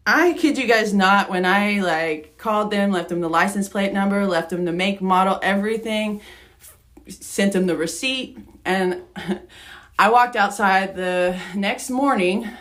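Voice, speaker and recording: A woman's voice: medium pitch, a little slow, fairly bright tone. A young woman co-hosting a podcast, candidly telling a personal story, getting emotional and laughing through it. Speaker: podcast co-host.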